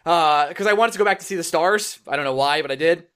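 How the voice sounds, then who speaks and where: A young man co-hosting a casual podcast, telling a story with animated quoted voices. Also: on the high side, fast talker, clear, resonant tone. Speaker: podcast co-host. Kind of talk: casual chat.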